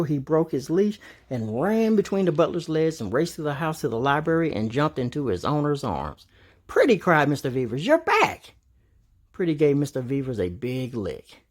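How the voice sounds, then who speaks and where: A man narrating a children's storybook aloud in an animated, expressive way. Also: a little high.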